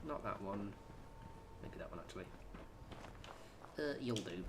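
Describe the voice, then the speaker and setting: A man's voice: on the low side, lively intonation, a little slow, noisy background. A man chatting casually on a gaming livestream at home, rambling and swearing freely. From United Kingdom. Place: home apartment.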